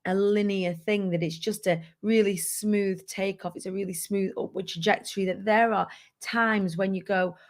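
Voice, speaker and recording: A woman's voice: mid-range voice, fairly even intonation, normal speed. A woman, a business owner and mum, talking candidly and rambling a little to her online community. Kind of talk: casual to-camera talk.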